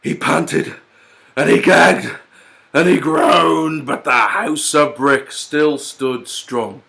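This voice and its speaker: A man telling a fairy tale in a playful, animated way with chatty asides. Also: on the high side, slow, creaky, a little hiss or hum. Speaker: storyteller.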